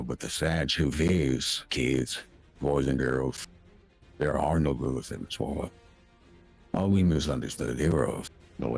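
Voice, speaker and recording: A man voicing a grandiose, menacing male villain in a tabletop role-play game, with a gravelly, husky voice. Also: extremely low pitch, a little mellow, heavily acted. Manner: slow grandiose villain monologue.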